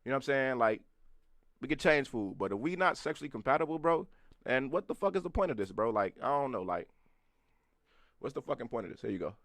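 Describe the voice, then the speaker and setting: Fast-talking young man in casual banter. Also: mid-range voice, big pitch swings, a bit bright, no echo, studio quality. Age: 20s. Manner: loose, profane, laughs often, talks to live chat. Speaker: podcast co-host. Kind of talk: casual chat.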